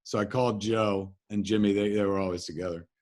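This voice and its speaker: A man from New Jersey, a guest in an interview, telling animated anecdotes in casual talk and swearing freely. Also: lowish voice, fast talker. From New Jersey, USA. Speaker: interview guest, filmmaker and comics writer.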